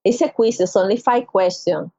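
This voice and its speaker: A woman's voice: moderate pace, no room sound, highs cut off. A middle-aged woman from Venezuela with a Venezuelan Spanish accent, a podcast guest telling an emotional personal story and acting out quoted voices. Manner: expressive, acts out quoted voices with big pitch jumps.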